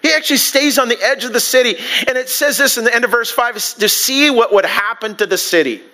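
Male pastor, high voice, bright tone, casual preaching style, voices quick asides. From United States. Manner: conversational preaching with restarts and acted-out asides. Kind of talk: sermon.

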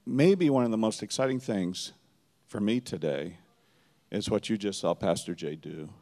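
Man, church elder; low, warm voice; earnest and encouraging. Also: lively intonation, normal speed. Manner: earnest and encouraging, building in intensity. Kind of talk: brief address to a congregation. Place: church sanctuary.

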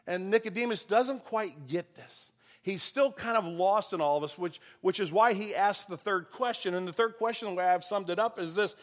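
A man's voice: high voice, normal speed. A male pastor giving a conversational sermon, telling anecdotes and building to emphatic passages.

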